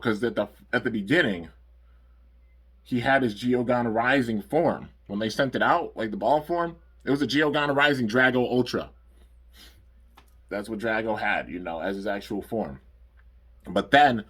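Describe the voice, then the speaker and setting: Husky, low-voiced man rambling casually. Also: fairly bright tone. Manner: rambling, filler-heavy, stops to correct himself. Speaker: video host reviewing cartoon episodes. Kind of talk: casual spoken review.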